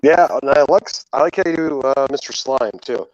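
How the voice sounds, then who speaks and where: A man calling in from his phone while out, talking about puppets in an unhurried way with plenty of fillers. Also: mid-range voice, a crowd in the background. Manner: unhurried, explains things with fillers. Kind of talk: casual chat. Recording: dull, robotic phone mic.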